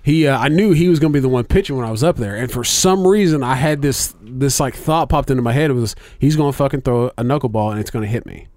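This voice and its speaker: A man's voice: mid-range voice, quick pace, hardly any pauses, darkish tone, dry recording. A man co-hosting a casual podcast, telling a rambling, profane story with lots of fillers. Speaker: podcast co-host.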